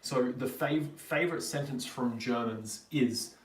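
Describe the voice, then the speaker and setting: A man's voice: mid-range voice, fairly even intonation, brisk, hardly any pauses. Australian male vlogger in his twenties, chatty live-stream Q&A host, recorded off-mic in an echoey room. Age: 20s. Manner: chatty and rambling, answering viewers. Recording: roomy, distant from the mic.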